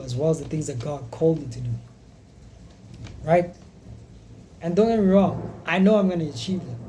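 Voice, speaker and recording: A man's voice: a little high, background noise. A man in his twenties speaking in a frank, raw, profane confessional vlog monologue. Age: 20s.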